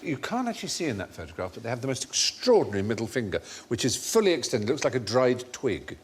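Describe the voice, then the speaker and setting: An English man hosts a studio quiz, explaining oddities with an erudite, amused manner. His pitch ranges widely as he talks. A faint noise sits under the recording. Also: very animated, quick pace. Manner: erudite, explanatory, laughs often. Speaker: quiz show host. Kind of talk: studio panel show banter. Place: TV studio with audience.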